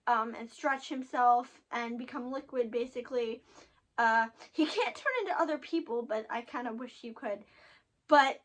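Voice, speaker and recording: Chatty high-voiced young woman. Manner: chatty, animated, frequent fillers and restarts. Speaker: host reviewing an animated episode. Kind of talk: casual recap chat.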